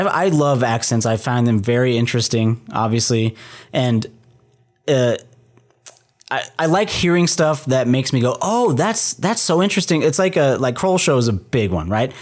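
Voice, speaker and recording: Rambling, swearing man in casual chat. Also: moderate pace. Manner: rambling, profane, animated jumps in pitch. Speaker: podcast co-host.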